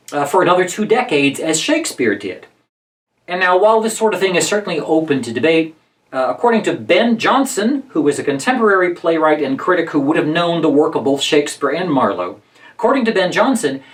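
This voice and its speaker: A male professor lecturing on literature in an easygoing, conversational manner, dotted with fillers. His pitch swings widely as he stresses points. He sits a bit back from the microphone. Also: recorded from a distance. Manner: conversational, many fillers, reads verse aloud with emphasis. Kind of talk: recorded lecture.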